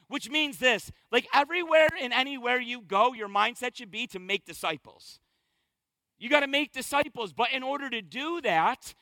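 High-voiced, punchy preaching pastor. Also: male voice, dry recording, low-quality recording. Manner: emphatic, punchy preaching with sudden loud stresses. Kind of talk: sermon.

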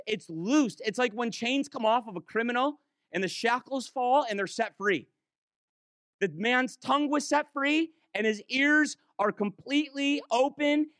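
A man preaching a sermon in church, impassioned, swinging between quick urging runs and slow, drawn-out emphasis. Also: very high voice, fairly bright tone, no echo, studio quality.

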